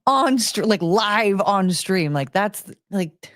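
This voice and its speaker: A woman's voice: medium pitch, expressive, slow pace, fairly bright tone, no room sound, studio quality. A woman chatting casually with her live-stream viewers, rambling and giggling and often breaking off mid-sentence. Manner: rambling, self-interrupting, giggly. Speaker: livestream host.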